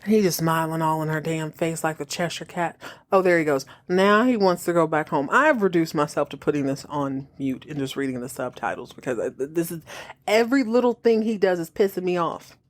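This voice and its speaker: A woman hosting a podcast, reacting to a TV episode in casual, exasperated commentary, cursing freely and slipping into quick mocking impressions. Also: sits low, no room sound. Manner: animated, exasperated, swears freely, mocks characters in quick impressions. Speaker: podcast host reacting to a TV show.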